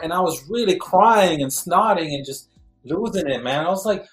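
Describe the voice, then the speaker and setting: A man's voice: moderate pace, soft background music. Middle-aged man telling a story in a roomy space. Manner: lively, acts out quotes with jumps in pitch. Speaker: guest actor. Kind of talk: animated storytelling. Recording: roomy echo.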